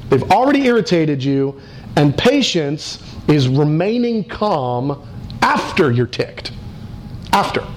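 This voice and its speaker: Animated high-voiced male preacher. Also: a little hiss or hum. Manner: animated preaching, acts out quoted voices, slows for emphasis. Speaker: pastor. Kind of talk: sermon.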